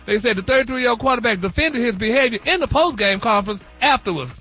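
A man's voice: very high-pitched, animated, fast talker, sharp tone, husky, faint music behind. A man delivering celebrity gossip on a radio morning show in a flamboyant, sassy manner, calling everyone honey. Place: radio studio.

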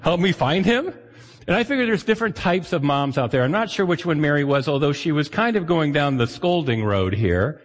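A man preaching a sermon as pastor, conversational and animated, sometimes acting out the voices of the people he quotes. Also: a little high, a little fast, hardly any pauses. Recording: long hall reverb.

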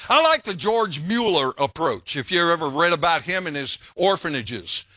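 A man's voice: on the high side, animated, moderate pace, hardly any pauses, bright, forceful tone, dry recording. An older man preaching a sermon as pastor, folksy and joking, breaking off to tell stories.

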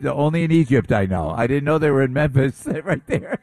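A man's voice: mid-range voice, expressive, a little fast, darkish tone, no room sound. A man hosting a live radio show from a jazz club, effusive and gushing with thanks and praise.

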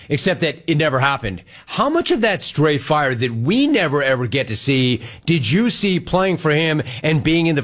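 A man's voice: fairly high pitch, a bit bright. A man hosting a sports talk interview who laughs easily and reacts with enthusiasm. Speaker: radio host.

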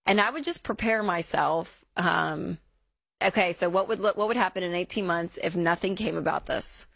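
A woman's voice: fairly low pitch, gravelly, a bit bright, dry recording. Chatty woman co-hosting a call-in show. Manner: chatty, reassuring, quick asides. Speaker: co-host of a call-in finance show. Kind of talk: casual advice talk.

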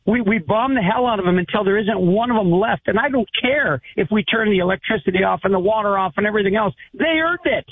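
Male caller, high husky voice, worked-up rant, tinny phone line. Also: quick pace, few pauses, dry recording. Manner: fired up, repeats himself, stumbles over words. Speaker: radio caller. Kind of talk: heated call-in rant. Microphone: telephone.

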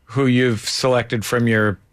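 A man's voice: mid-range voice, fairly even intonation, measured pace, dry recording. A man hosting an interview, asking questions and making wry jokes. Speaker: interview host. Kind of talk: casual interview chat.

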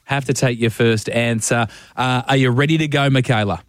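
A man's voice: mid-range voice, steady tone, dry recording, clean studio sound. A man hosting a radio quiz, teasing his co-host and filling gaps with ums. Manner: teasing, quick, lots of ums.

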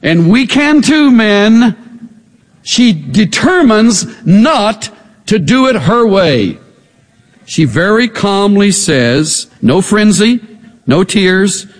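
High, lively-voiced male preacher. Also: slow. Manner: animated and emphatic, with pointed rhetorical questions. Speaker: pastor. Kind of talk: sermon. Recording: echoey hall.

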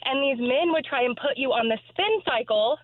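A woman's voice: sits high, lively intonation, normal speed, no room sound. Bubbly woman on a tinny phone line. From Texas. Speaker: caller. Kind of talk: telling a story on a radio call-in.

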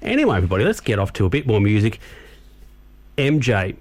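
A man's voice: fairly low pitch, very animated, fast, a little mellow. A man hosting a radio show, chatting loosely between songs, tired and yawning, with plenty of ums and you-knows. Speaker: radio host. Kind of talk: casual chat between songs.

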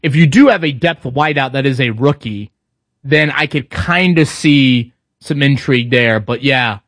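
A man's voice: mid-range voice, unhurried, a bit bright, no echo, studio quality. A man co-hosting a casual sports talk show, speaking conversationally with frequent fillers and restarts. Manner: conversational, stop-start with fillers. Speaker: sports radio co-host.

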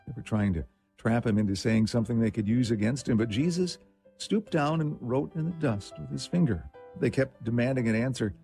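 A man narrates a short story in an expressive reading style, his voice mid-pitched and steady. Faint instrumental music plays underneath him throughout. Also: fairly quick, creaky. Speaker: story segment reader. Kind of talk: scripted narration.

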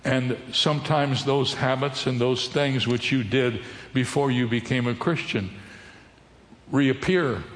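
A man preaching to his congregation, his medium-pitched voice ringing through a large hall with long reverb. He teaches in a steady sermon manner and keeps putting questions to his listeners. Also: a little slow. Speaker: pastor.

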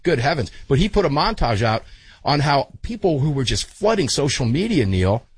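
A middle-aged man hosting a live talk radio show from his studio, energetic and folksy, calling guests brother. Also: medium pitch, moderate pace, breathy edge.

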